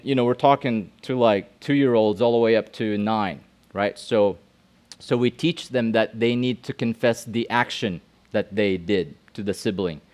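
A man's voice: fairly low pitch, darkish tone. A middle-aged male pastor giving a youth sermon in a conversational way, often asking the room questions and repeating himself.

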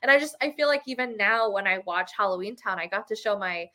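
A woman guesting on a podcast, chatting in an animated, giggly way with lots of "like". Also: medium pitch, fast. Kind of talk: casual chat.

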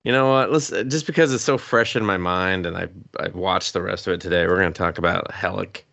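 A man's voice: deep voice, brisk, vocal fry, sharp tone, dry recording. A man casually recapping an anime on a podcast, laughing often and swearing freely. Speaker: podcast co-host.

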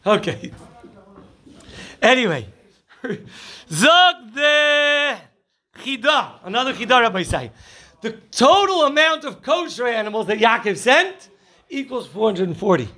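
With a very high-pitched voice, a moderate pace and long pauses, a man teaches a Torah class, mixing Hebrew and Yiddish terms into his English. He's an animated storyteller who tells jokes and stories and laughs at his own jokes.

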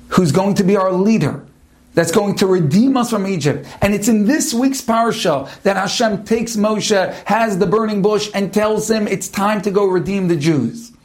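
A man giving a Torah lesson in a sermon style, asking rhetorical questions and mixing Hebrew terms into his English. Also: sits high. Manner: rhetorical questions, drawn-out emphatic pauses. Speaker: rabbi giving a Torah talk.

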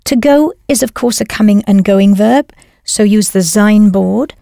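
A woman's voice: medium pitch, unhurried, gravelly, warm tone, no room sound, clean studio sound. A woman narrating a scripted audio language lesson, patiently prompting the learner and then confirming each answer. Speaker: language teacher.

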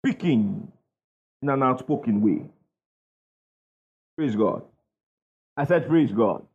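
A man's voice: mid-range voice, expressive, takes it slowly. A man preaching a sermon with emphatic call-and-response, asking the congregation to finish his lines. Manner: emphatic call-and-response, asks the crowd "what?". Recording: dull lo-fi sound.

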